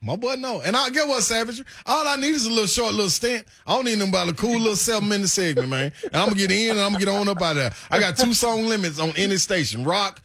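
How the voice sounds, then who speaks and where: A man's voice: high voice, expressive, quick pace, hardly any pauses, fairly bright tone, a little hiss or hum. A man co-hosting on sports radio, playful and laughing with slangy banter.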